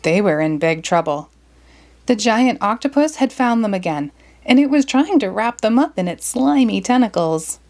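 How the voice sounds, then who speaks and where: Lively woman reading a children's story. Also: mid-range voice, normal speed. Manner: lively, expressive. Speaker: storybook reader. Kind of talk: children's read-aloud narration.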